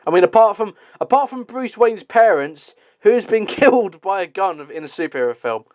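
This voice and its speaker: A man's voice: high voice, lively intonation, fairly quick, darkish tone, no echo, clean studio sound. A man giving casual movie commentary, laughing often and swearing freely. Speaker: film commentator.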